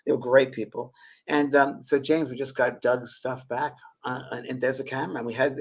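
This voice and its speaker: A middle-aged man who works as a medium and co-hosts a show tells stories in casual conversation, laughing often and animatedly acting out the voices of people he quotes. His medium-pitched voice is slightly rough and a little fast.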